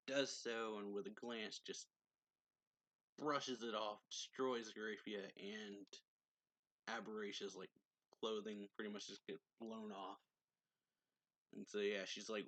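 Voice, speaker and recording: A man's voice: lowish voice, steady tone, unhurried, long pauses, fairly bright tone, dry recording, poor audio. A man giving a casual recap of a manga chapter. He hesitates, leans on fillers and corrects himself mid-sentence. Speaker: manga reviewer.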